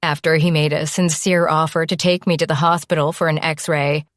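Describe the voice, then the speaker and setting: A woman narrating a first-person audiobook in a soft, often whispered, unhurried delivery. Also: deep voice, level tone, no room sound, clean studio sound.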